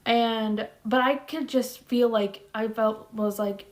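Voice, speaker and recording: A woman's voice: on the high side, fairly even intonation, slow, few pauses, a little hiss or hum. A woman in her thirties telling a personal story to camera in a chatty, blunt, slangy way. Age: 30s. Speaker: vlogger.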